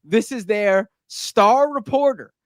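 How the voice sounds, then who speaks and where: A podcast co-host talking casually, animated and ranting, with lots of fillers and restarts. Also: medium pitch, takes it slowly, no room sound.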